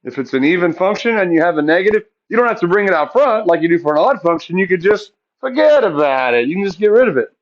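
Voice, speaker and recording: A man's voice: high voice, expressive, fast talker, hardly any pauses, highs cut off. A male math teacher lecturing a classroom, asking the students questions and answering them himself.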